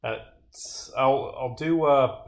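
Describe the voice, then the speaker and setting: A young man rambles through his game, swearing and sarcastic as he chats with his viewers. His voice sits at an everyday middle pitch. The room around him gives it a noticeable echo. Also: takes it slowly, a little hiss or hum. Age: young adult. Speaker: streamer. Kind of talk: casual livestream commentary while gaming.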